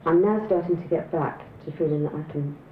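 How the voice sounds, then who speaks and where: A woman's voice: sits low, brisk, reverberant, phone-quality sound, a little hiss or hum. A woman with a northern English accent speaking earnestly and bluntly in a documentary conversation. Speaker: interviewee.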